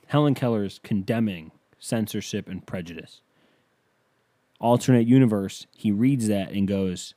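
A man with a mellow, middle-pitched voice riffing sarcastically on a comedy podcast, swearing freely as he reads aloud. The sound is dry and close, with no room around it. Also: unhurried, pauses often, dry recording. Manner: irreverent, sarcastic, profane. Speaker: podcast host.

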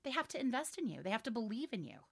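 A woman in her forties, a voiceover artist and director, chatting in an interview with lively, emphatic energy and frequent laughs. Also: on the high side, racing, gravelly. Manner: animated, laughing, emphatic storytelling. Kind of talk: casual interview chat.

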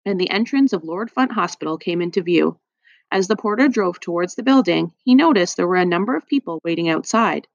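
Woman, children's audiobook narrator, lively, dry studio, dull sound. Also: on the low side, no room sound. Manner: lively storytelling. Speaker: audiobook reader.

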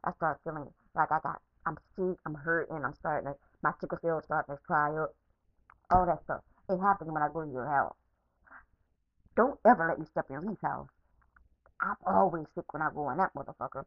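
Profane ranting woman, lower voice. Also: a little fast, no echo, muffled recording. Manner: profane, repetitive, heated. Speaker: podcaster. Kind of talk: angry unscripted rant. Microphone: phone voice message.

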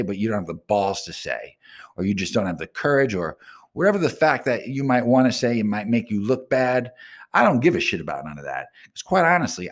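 A middle-aged man who hosts a radio show, telling a story in a brash, profane, ranting monologue. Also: sits low. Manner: brash, swearing, animated rants.

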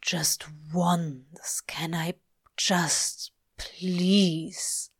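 A woman voicing a heartbroken male demon who speaks in a low, breathy whisper. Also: slow pace, full character voice. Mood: whispered plea.

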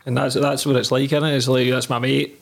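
A man's voice: mid-range voice, flat delivery, fairly quick, creaky. A man hosting a casual interview, swearing often and backing the guest up with short replies. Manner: swears often, frequent backchannel. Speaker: interviewer, podcast host.

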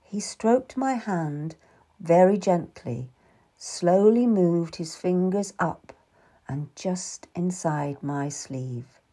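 A woman narrating a historical novel in the first person, with measured, intimate storytelling. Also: on the low side, warm tone. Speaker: audiobook narrator.

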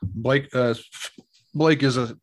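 A man's voice: medium pitch, fairly even intonation, takes it slowly. Easygoing man on a film podcast. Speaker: podcast co-host. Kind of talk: casual film discussion.

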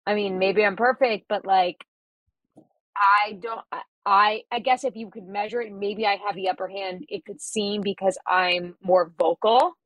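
A woman's voice: medium pitch, steady tone, normal speed, fairly bright tone, no room sound, rough recording. A woman in casual podcast chat, talking about her relationship, with frequent "like" fillers. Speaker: podcast co-host.

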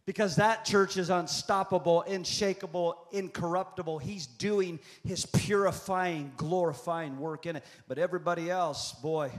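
High-voiced impassioned preacher man, fifties. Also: fairly even intonation, moderate pace, few pauses. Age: 50s. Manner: impassioned, repetitive preaching cadence. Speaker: pastor. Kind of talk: prophetic sermon.

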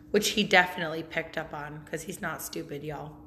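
A woman's voice: low-pitched, normal speed, sharp tone, a little hiss or hum. A woman hosting a podcast, telling a story in a blunt, chatty, profane way and laughing often. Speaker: podcast host. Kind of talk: casual storytelling monologue.

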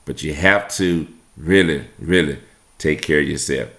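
A man with a very low voice gives an earnest motivational talk. He speaks plainly and directly to his listeners. He drives his points home by repeating short phrases. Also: unhurried, sharp tone.

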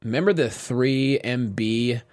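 A relaxed, chatty man talks over a wrestling after-show as co-host. His voice sits at an ordinary middle pitch. He often trails off and starts again mid-sentence. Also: measured pace. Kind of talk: casual chat.

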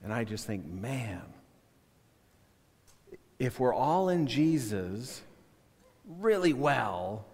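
Male pastor, earnest halting sermon delivery, mid-pitched, long church reverb. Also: big pitch swings, a little mellow. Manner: earnest, halting, repeats words.

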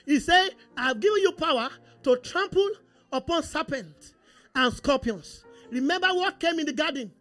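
A pastor delivers a sermon in a high, ringing voice. The preaching is animated and repetitive, full of call-and-response lines, with faint music underneath. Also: moderate pace.

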